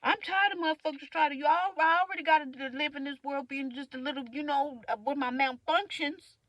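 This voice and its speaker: Profane, dramatic high-voiced woman venting. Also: steady tone, a little fast, dry recording, highs cut off. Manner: profane, dramatic, swings from loud to muttered. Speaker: vlogger. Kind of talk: candid venting monologue.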